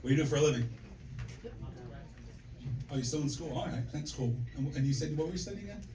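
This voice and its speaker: Brash foul-mouthed comic guy, bit high voice, far off in a roomy club w loud room noise. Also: animated, quick pace. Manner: brash, profane storytelling with frequent "okay?" and "right?" asides. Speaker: stand-up comedian. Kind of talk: stand-up comedy set with crowd work. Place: comedy club stage.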